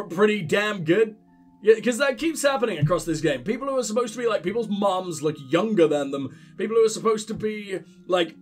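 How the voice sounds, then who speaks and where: Sick, crude, high-voiced man narrating gameplay, faint music. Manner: crude, joking, heavy swearing. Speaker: let's play host. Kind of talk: gameplay commentary.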